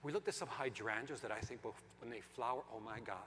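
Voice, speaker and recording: Man putting on a soft breathy salesman, low and quiet, crooning his pitch, long hall reverb. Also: fast, slight background noise, close to an everyday voice. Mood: hushed, seductive. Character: smooth, hushed male landscaping salesman.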